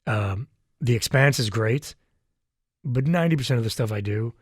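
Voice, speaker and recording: A man's voice: mid-range voice, moderate pace, husky, dry recording, clean studio sound. A man, a voice actor, chatting as an interview guest, enthusiastic and often restarting his sentences. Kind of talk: casual interview chat.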